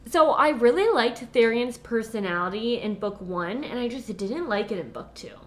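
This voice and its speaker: A woman's voice: fairly high pitch, expressive, moderate pace. Giggly young woman, echoey room. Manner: chatty, giggly, lots of filler likes, drops to whispers. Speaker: podcast co-host. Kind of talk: casual book chat.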